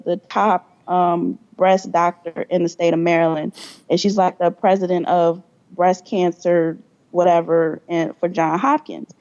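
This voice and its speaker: Young woman, podcast guest, blunt and profane, mellow dark voice, dull lo-fi audio. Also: fairly low pitch, gravelly. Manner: blunt, profane, acts out quoted dialogue. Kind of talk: candid storytelling interview.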